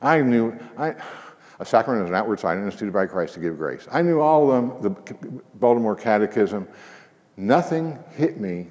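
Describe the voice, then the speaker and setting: Low-voiced man preaching in an echoing hall. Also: lively intonation, normal speed. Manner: earnest, conversational preaching with sudden hushed emphasis. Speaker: pastor. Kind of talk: sermon. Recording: muffled sound with long hall reverb.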